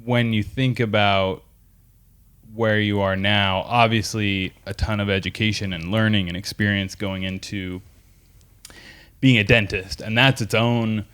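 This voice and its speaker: A man's voice: fairly low pitch, fairly even intonation, a little slow, fairly bright tone, smooth. A man hosting a podcast interview, asking long, rambling questions in a casual way, full of fillers and restarts. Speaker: podcast host.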